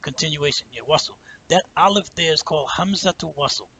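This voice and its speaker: A man teaching a language lesson, explaining step by step, drawing out example words slowly and checking in with "right?" as he goes. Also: on the high side, pushed and bright, a little hiss or hum, rough recording. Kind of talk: patient spoken lesson.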